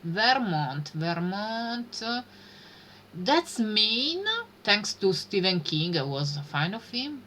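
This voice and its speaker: Lady streaming a game, thinks out loud, slow and hesitant, kinda sharp bright tone. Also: medium pitch, sing-song, a little hiss or hum. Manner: thinking aloud, hesitant muttering. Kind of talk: live-stream gameplay commentary.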